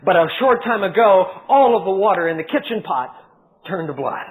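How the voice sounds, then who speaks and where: Brief: a sheepish palace cook, put on by a male storyteller; soft and hesitant. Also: high-pitched, lively intonation, fairly quick, low-quality recording. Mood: apologetic. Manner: hesitant, apologetic.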